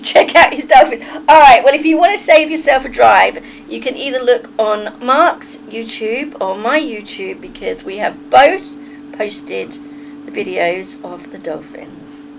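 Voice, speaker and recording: A woman's voice: a little high, a little slow, creaky, slight background noise, poor audio. An English woman streaming live, chatting casually with her viewers, giggly and self-deprecating, often laughing. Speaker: livestreamer reading chat. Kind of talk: casual livestream chat.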